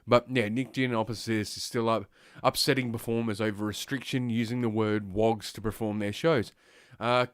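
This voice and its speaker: A man's voice: lowish voice, smooth, dry recording. An Australian man hosting a streaming show, ranting sarcastically through news stories with a blocked, sniffly nose and plenty of swearing. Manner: profane, sarcastic, rambling. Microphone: desk microphone.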